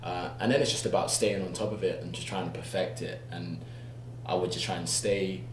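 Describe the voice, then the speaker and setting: A man from the United Kingdom, an actor guest explaining things calmly in a relaxed interview. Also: sits low, a little fast. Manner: calm, explanatory, lots of fillers. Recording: echoey room with background hum.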